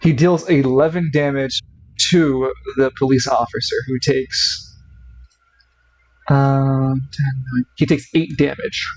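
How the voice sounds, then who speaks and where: A man's voice: mid-range voice, steady tone, takes it slowly, vocal fry, poor audio. A man narrating a tabletop role-playing game as game master, often stopping and restarting while he checks the rules.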